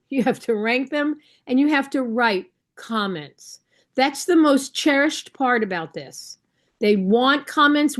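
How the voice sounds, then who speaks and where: A woman coach training new judges over a video call, talking in a conversational, instructive way and often checking in with the listeners. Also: high-pitched. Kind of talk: online training session.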